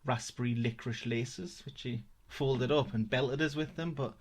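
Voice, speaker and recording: A man's voice: medium pitch, steady tone, normal speed, husky. A man with a South Tyneside accent doing a stand-up set at home, dry and sweary with rambling asides. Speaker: stand-up comedian. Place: his house. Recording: roomy room, mic at a distance.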